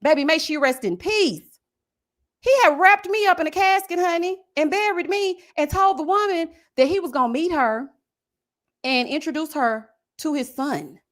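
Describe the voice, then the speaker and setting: A young woman, telling a personal story on a live stream in a casual, expressive way. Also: sits high. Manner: animated and expressive, drawn-out endearments. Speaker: reality show commentator.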